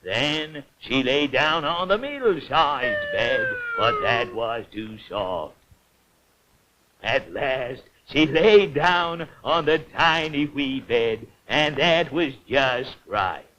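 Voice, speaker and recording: A man's voice: medium pitch, huge pitch swings, slow, pushed and bright. A man narrating a fairy tale in an old cartoon, in a lilting storyteller manner. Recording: dull old cartoon soundtrack with faint hiss.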